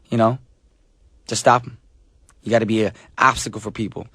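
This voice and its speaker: A hoarse man hosting a radio show in casual chat, joking with listeners and using many fillers. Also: lowish voice, fairly even intonation, brisk, a bit bright, no room sound, studio quality.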